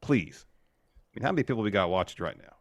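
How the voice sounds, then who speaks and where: A man's voice: on the low side, fast talker, no room sound, clean studio sound. A man co-hosting a podcast, recapping a wrestling show in casual chat. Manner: relaxed, recapping and reading out promos. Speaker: podcast co-host.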